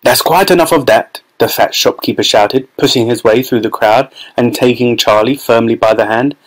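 A man voicing an excitable, well-fed middle-aged shopkeeper who shouts with excitement in a storybook reading. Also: mid-range voice, moderate pace, natural voice, rough recording. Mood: firm.

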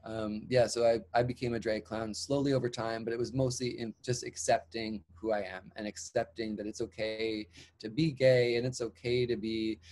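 A man's voice: medium pitch, little pitch movement, normal speed, a little mellow. A man from Canada, a drag clown performer, telling his own story in an interview in an earnest, reflective way with emphatic repeated phrasing. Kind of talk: candid personal storytelling.

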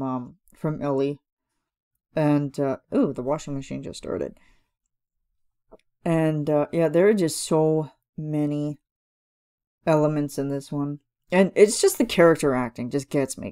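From a room at home, a podcast host with a low, darkish voice talks enthusiastically through a cover song review. Her casual solo chat is filler-heavy and gushing, with occasional sung bits of lyrics.

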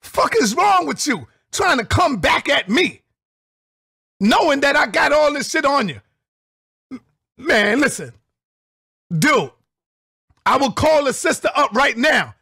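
A middle-aged man delivering an angry, profane call-out rant as a vlogger, confrontational and bursting into shouts. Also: very high voice, big pitch swings, a little slow, gravelly, pauses often, no room sound, clean studio sound.

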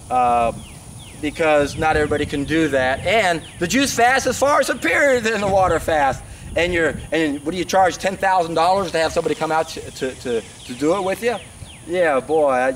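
A man's voice: on the high side, distant mic, slight background noise. A man in his sixties speaking in a passionate, rambling vlog monologue with frequent fillers. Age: 60s. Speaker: natural health advocate.

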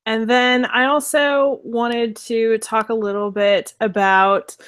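A woman's voice: fairly high pitch, little pitch movement, slow, a bit bright, clear, resonant tone. A woman hosting a podcast, asking casual questions with lots of "like" fillers. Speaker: podcast host.

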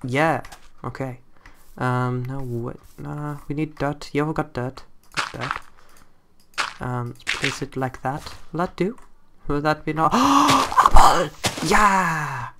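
A young man giving excitable, chatty commentary on a game he is playing, often exclaiming and talking to creatures in it. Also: fairly high pitch, slow. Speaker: gameplay commentator. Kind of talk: casual let's-play commentary. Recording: faint background hiss and typing clicks.

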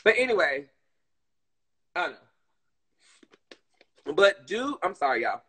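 A woman chatting casually on her live stream, animated and swearing freely, calling her viewers "girl". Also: fairly low pitch, slow, husky, low-quality recording.

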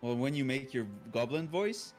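A man's voice: medium pitch, lively intonation, moderate pace, a little mellow, faint music behind. A man playing a tabletop game, chatting casually and playfully with his group. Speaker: player.

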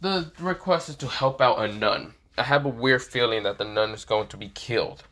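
A man's voice: mid-range voice, normal speed, fairly bright tone, slight background noise, natural voice. A young man voicing a brash, hot-headed young male devil who curses freely, in a fan-made story.

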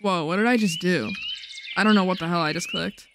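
A woman's voice: fairly low pitch, a little fast, background noise. A woman hosting a casual let's-play video, chatting playfully to herself as she plays. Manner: playful, chatty, talks to herself while playing. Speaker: gaming video host.

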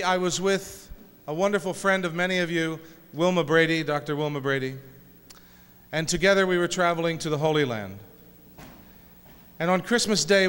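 A man speaks from the stage of a large hall, his smooth, fairly high voice trailing off into a long echo. He mixes inspiration with jokes, telling homely stories to the audience. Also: a bit bright. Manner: joking, folksy storytelling. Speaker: speaker at a peace concert. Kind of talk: inspirational public speech with humorous stories. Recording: reverberant hall recording.

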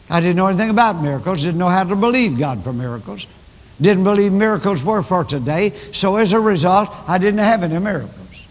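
An older man preaching a sermon, telling stories with emphatic repetition. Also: sits high. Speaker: pastor. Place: large church. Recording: long church hall reverb.

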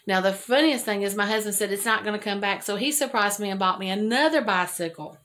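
A woman's voice: medium pitch, quick pace, a bit bright. Chatty older woman telling a rambling story. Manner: rambling, chatty, laughs at her own jokes. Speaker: homesteading vlogger. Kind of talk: casual storytelling to viewers.

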